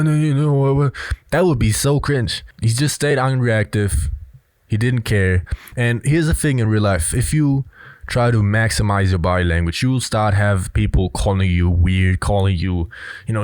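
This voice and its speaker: A man's voice: fairly low pitch, moderate pace, clear, resonant tone, no echo. A man giving blunt, assertive casual commentary on a film clip, often filling with "you know". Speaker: body language commentator.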